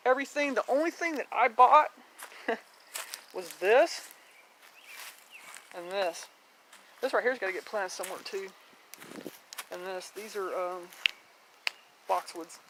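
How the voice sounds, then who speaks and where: A woman's voice: medium pitch, a bit bright, slight background noise. A woman giving a casual walking tour of her home garden, chatty and rambling, blunt, with mild swearing and frequent laughter.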